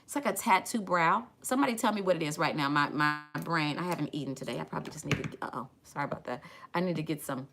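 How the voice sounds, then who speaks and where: A woman's voice: low-pitched, fast talker. A middle-aged woman, a makeup brand owner, chatting casually through a live brow tutorial and calling viewers y'all and ladies.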